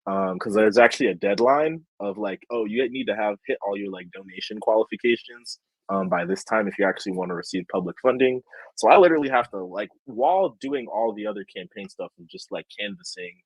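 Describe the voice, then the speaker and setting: A man's voice: on the low side, fairly quick, breathy edge, no room sound, poor audio. A young man chatting casually as a podcast guest, rambling with many fillers. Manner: rambling, lots of fillers, animated. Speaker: guest, state house candidate. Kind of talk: casual chat.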